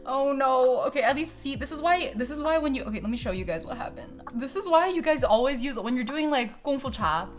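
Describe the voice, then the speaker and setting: A young woman streams from her desk with a slightly high voice, chatting casually and swearing freely. She giggles often as she talks to her chat. Soft music plays faintly behind her. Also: animated, fairly quick, few pauses.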